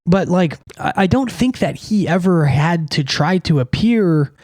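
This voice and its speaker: A man's voice: high voice, expressive, a little slow, a little mellow, dry recording, clean studio sound. A young man hosting a podcast, talking in a casual, irreverent, rambling way, full of fillers. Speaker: podcast host. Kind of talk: casual monologue.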